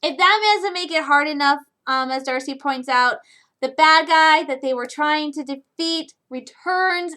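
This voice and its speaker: A young woman from Michigan, a vlogger with a high voice, talks chattily and excitably in a casual recap vlog, restarting herself often.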